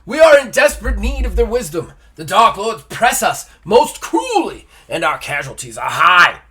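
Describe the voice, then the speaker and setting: A man's voice: sits high, sing-song, moderate pace, sharp tone, pitched above the performer's own voice, heavily acted. A man voicing a weary male army sergeant who begs earnestly for help in a gamebook play-through. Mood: desperate.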